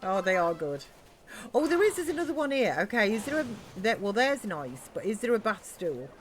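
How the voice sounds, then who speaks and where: A woman's voice: mid-range voice, sing-song, fairly quick, a little hiss or hum. A woman streaming a building game, chatting casually and thinking aloud with many ums. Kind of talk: casual live-stream chat.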